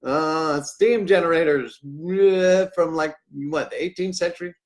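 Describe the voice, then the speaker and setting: A middle-aged man hosting a rambling livestream, jokey and swinging between loud outbursts and hushed asides. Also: fairly high pitch, unhurried. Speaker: livestream host.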